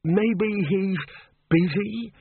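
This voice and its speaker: A man's voice: sits high, very animated, takes it slowly, creaky, slightly rough, voice pushed up, exaggerated voice. A man voicing a timid, dithering wizard with a quavering voice. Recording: tinny phone-like dry audio.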